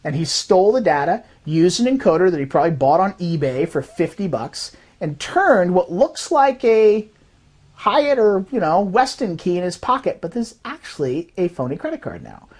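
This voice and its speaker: A woman who designs fraud detection systems explains in an animated way and acts out quoted voices as she goes. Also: fairly low pitch, normal speed. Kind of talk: explanatory talk.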